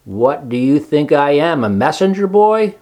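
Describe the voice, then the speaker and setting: A man's voice: on the high side, very animated, unhurried, a little mellow, pitched above the performer's own voice. A man voicing a grumpy, greedy barn rat who grumbles and answers back sarcastically.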